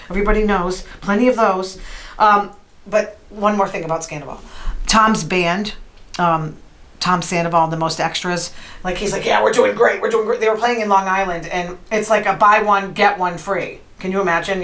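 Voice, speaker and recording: A woman hosting a podcast, chatting in an opinionated, animated way as she retells gossip and quotes people. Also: mid-range voice, roomy sound, low-quality recording. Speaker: podcast host. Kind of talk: casual gossip monologue.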